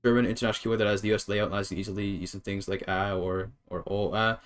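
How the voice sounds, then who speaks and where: A man streams a game in a relaxed, chatty way, his pitch fairly low and his intonation fairly even. A native English speaker, he thinks aloud through a translation, with faltering restarts and attempts at German.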